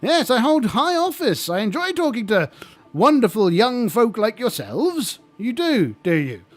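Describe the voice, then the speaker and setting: Casting: man doing a high, sing-song, fawning undead lich, stammering and polite. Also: big pitch swings, measured pace, faint music behind, exaggerated voice. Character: genial undead blue lich official. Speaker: solo tabletop player.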